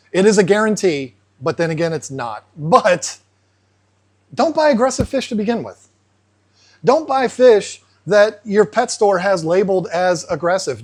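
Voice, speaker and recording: Animated high-voiced man. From United States. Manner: animated, acts out fish voices in asides. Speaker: aquarium channel host. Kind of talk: casual explainer talk.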